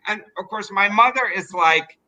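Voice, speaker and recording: A man telling a personal story in an animated, chatty way, full of fillers. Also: a little high, moderate pace, poor audio. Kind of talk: live storytelling.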